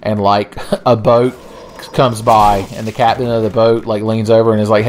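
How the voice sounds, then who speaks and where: A man's voice: mid-range voice, moderate pace, a little hiss or hum. A young man giving sardonic, profane, rambling gameplay commentary. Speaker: let's play commentator.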